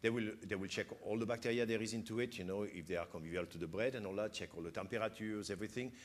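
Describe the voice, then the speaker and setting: An older French chef with a French accent speaks in a fairly low voice. He explains things patiently in an interview and keeps checking in with "you know". His tone is conversational and unhurried. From France.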